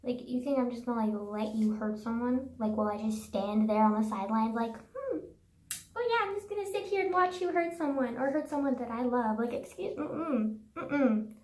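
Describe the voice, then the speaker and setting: A woman's voice: a little high, moderate pace, darkish tone. A young woman vlogging a casual, profane rant, sarcastic and packed with "like.". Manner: profane, sarcastic, says "like" constantly. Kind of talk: casual ranting monologue. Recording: echoey room.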